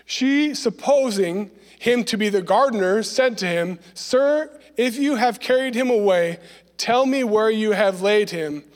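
A man's voice: sits high, unhurried, in a large hall. A man leading a Bible study lesson, reading scripture aloud and explaining it in a conversational way, often checking in with "right?".

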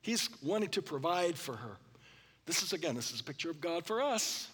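A man preaching a sermon, explaining scripture and drawing calls of "amen" from the congregation, often clearing his throat. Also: on the high side, very animated, fairly quick, a bit bright, big-room sound. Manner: expository preaching with congregation call-and-response. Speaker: pastor.

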